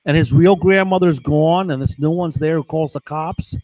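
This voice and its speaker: Brief: a man ranting to camera, profane and repetitive, slightly high voice, dead-dry sound. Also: normal speed, a little mellow, no echo, low-quality recording. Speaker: vlogger. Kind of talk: rambling monologue to camera.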